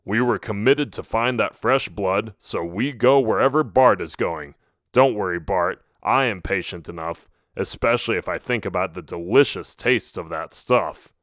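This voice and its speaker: A man voicing a gruff, greedy male bat who talks in a blunt, bossy way in a storybook. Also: lowish voice, normal speed, a bit bright, no room sound, studio quality, close to an everyday voice.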